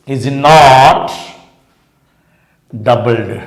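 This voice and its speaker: A man with an Indian English accent teaching a grammar lesson, speaking deliberately, repeating words and spelling letters out. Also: medium pitch. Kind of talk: slow classroom grammar lesson. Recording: echoey room.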